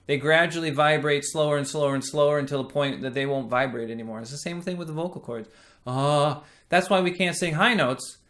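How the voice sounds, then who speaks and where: A man whose voice is on the high side and a bit bright teaches singing. Slow and patient, he thoughtfully explains vocal technique and shows how sung vowels should sound.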